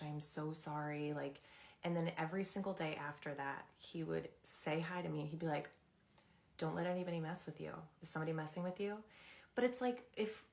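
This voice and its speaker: A young woman with a low voice and a gravelly, fry-laden edge. She tells stories to her live chat in a loose, rambling way, full of fillers and restarts, and breaks off to say hi to viewers by name. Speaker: livestreamer and former teaching assistant. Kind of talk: casual storytelling to a live chat.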